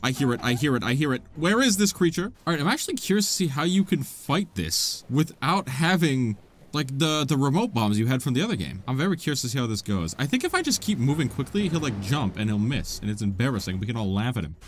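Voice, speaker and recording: A man hosting let's play commentary, excitable and self-mocking, laughing often at his own mistakes. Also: medium pitch, fast talker. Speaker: gaming channel host.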